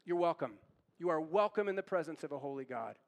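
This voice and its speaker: A man's voice: fairly high pitch, animated, fast, gravelly. A man pastor preaching a sermon with earnest emphasis and repeated phrases.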